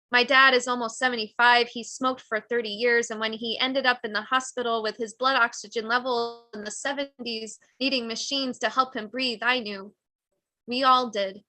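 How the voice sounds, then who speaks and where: A woman author giving a live reading of her own memoir at a cafe event, with raw, intense emotion and shifting pace and loudness. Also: fairly high pitch, dry recording.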